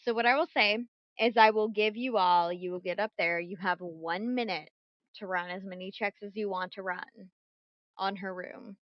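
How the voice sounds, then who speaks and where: A woman running a tabletop game as game master, casual and animated, swearing freely, at her computer mic. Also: mid-range voice, normal speed, dry recording, lo-fi sound.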